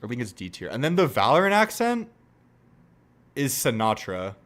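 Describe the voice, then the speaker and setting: Young male streamer, lively swooping delivery, casual reactive commentary, quick to laugh and curse. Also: mid-range voice. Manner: animated, laughing, swearing, mocking impressions.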